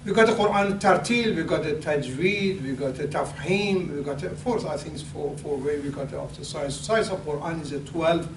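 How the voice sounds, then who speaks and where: Older man preaching in an echoey hall. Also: on the high side. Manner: halting, repeats words and restarts, rises for emphasis. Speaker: imam. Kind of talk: pre-sermon talk. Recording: echoey hall, distant mic, faint hum.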